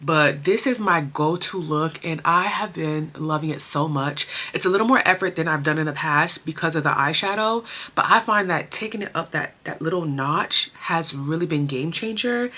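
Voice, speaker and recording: A young woman talks her viewers through a makeup routine in a casual, gushing way, sprinkling in slang and big feelings. Her voice sits a little low yet sounds bright and forward. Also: moderate pace. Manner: expressive, emotional, chatty with slang. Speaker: beauty vlogger. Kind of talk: casual chatty makeup tutorial.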